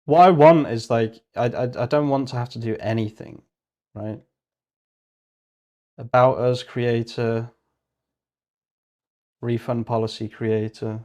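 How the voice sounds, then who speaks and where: A man's voice: mid-range voice, fairly even intonation, takes it slowly, long pauses, a little mellow. A man with a British accent livestreaming casually, thinking aloud and muttering as he works. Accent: British English. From Britain. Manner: muttering, rambling, self-correcting.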